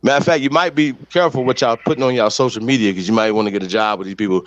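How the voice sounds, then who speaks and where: A man's voice: mid-range voice, steady tone, racing, few pauses, no echo. A man hosting a podcast, delivering heated, profane, confrontational commentary. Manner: ranting, blunt, confrontational. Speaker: podcast host. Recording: dull lo-fi sound, dry.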